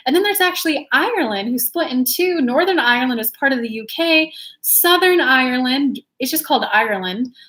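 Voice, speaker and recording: A woman's voice: sits high, animated, a little fast, fairly bright tone. A young woman from California chatting casually on a livestream, rambling and laughing as she talks. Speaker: livestream host, tarot reader.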